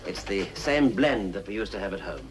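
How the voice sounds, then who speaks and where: An actor playing a polite, precise middle-aged official in an old film, speaking in a dry, courteous manner. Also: male voice, on the low side, expressive, a little fast, natural voice. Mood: genteel.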